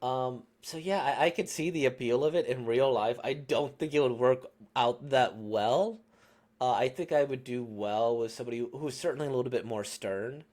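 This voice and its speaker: A man's voice: medium pitch, normal speed, a little mellow. A man giving casual reaction commentary on a comic, musing aloud and hesitant, with lots of ums and self-corrections.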